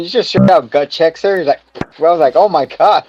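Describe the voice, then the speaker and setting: A man's voice: fairly high pitch, moderate pace, darkish tone, slight background noise. Rambling, profane man recapping a show. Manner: rambling, profane, acts out scenes. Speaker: podcast co-host. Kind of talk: casual chat, recapping a show. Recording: dull lo-fi sound with music behind.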